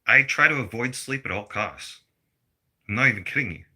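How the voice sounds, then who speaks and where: A man's voice: medium pitch, expressive, fairly quick, sharp tone, husky. A middle-aged man delivering a blunt, profane personal rant to his viewers. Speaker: vlogger.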